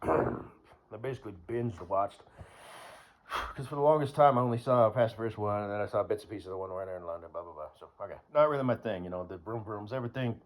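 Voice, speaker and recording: Low-voiced man rambling casually. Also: quick pace. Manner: meandering, full of fillers and throat clearing. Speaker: vlogger.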